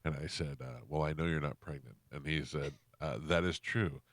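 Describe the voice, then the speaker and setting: A man's voice: very deep voice, normal speed, no room sound. A middle-aged man hosting a radio show, telling a story in a casual way and acting out both sides of a conversation. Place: radio studio. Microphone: studio microphone.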